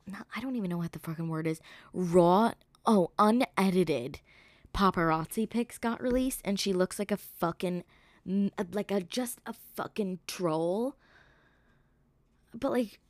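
A woman's voice: mid-range voice, a little mellow, no room sound. A young woman hosting a solo gossip podcast, rambling and sarcastic with constant swearing. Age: young adult. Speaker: podcast host.

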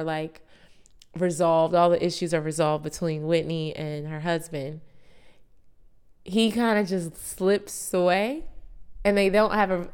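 A woman around thirty, a podcast host, tells a personal story in a chatty, animated way with asides to her listeners. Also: on the low side, clear, resonant tone. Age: late 20s to early 30s.

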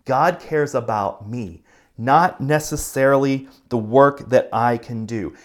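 A man preaching a sermon as a pastor, talking earnestly and conversationally, speeding up and slowing down for emphasis. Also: medium pitch.

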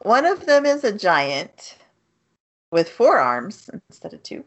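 Podcast woman walking through a show's plot, slow and lively, laughs a lot. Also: medium pitch. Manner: recaps plots, laughs often. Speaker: podcast co-host. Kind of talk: casual chat.

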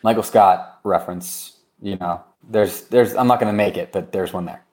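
A man co-hosting a casual podcast, joking around while he reads reviews and runs through shout-outs and giveaways. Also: fairly low pitch, normal speed. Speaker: podcast co-host. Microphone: remote recording.

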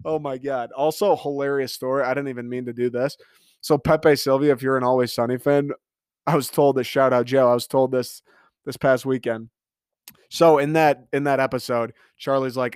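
A young man in his twenties hosting a solo podcast, rambling excitedly with frequent swearing. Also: medium pitch, normal speed, clear, resonant tone, no room sound, clean studio sound. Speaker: podcast host. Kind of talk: casual solo podcast monologue.

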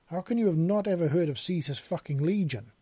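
Brief: male narrator as jittery armoured drifter, frantic, high and loud, husky edge. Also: moderate pace, no echo. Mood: panicked yelling. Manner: frantic yelling, stammering. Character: panicky battle-worn wasteland man in helmet. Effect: helmet voice modulator.

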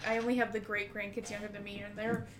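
A woman's voice: medium pitch, level tone, fast talker, noisy background. A teenage girl co-hosting a podcast, telling childhood stories in a matter-of-fact, easygoing way. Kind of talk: casual chat.

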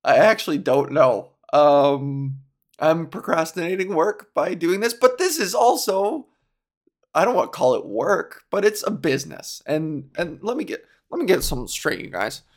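A man's voice: on the high side, lively intonation, normal speed. A man hosting his own solo podcast, chatting casually in a giggly, rambling, improvised way as a comedian. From Ontario, Canada. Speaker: podcast host.

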